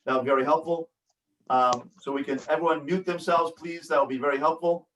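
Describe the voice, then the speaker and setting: Earnest rabbi teaching parenting online. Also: male voice, fairly high pitch, steady tone, fairly quick, a bit bright, echoey room, distant mic, slight background noise, poor audio. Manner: earnest and instructive, acts out sample phrases with feeling. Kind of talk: online lecture reading from a workbook. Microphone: video call.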